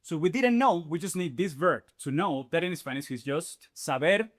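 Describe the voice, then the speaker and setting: A man teaching a Spanish grammar lesson in an energetic, step-by-step way, often checking in with "okay?" and "right?". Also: a little high, normal speed. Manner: explains step by step, addressing viewers as "you guys". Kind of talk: online language lesson.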